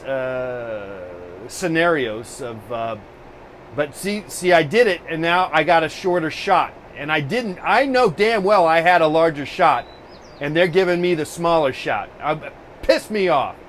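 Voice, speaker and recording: A man hosts a live painting stream from a home studio, talking in a loose, exasperated way and cursing about his gear. His voice sits a little high for a man. A faint air-conditioning hum runs underneath. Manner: profane, exasperated ranting. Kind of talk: casual live-stream chat.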